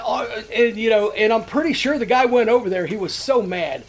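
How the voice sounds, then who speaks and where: A man's voice: high-pitched, brisk, hardly any pauses, slight background noise. A man hosting a podcast, rambling through profane prank stories and laughing as he goes. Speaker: podcast host. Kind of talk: casual storytelling chat.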